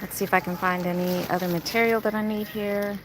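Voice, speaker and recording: A woman's voice: medium pitch, fairly even intonation, a little fast, background noise. A woman live-streaming casually from a craft store, musing aloud as she browses, chatty and easygoing. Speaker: vlogger. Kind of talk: casual live-stream chat while shopping.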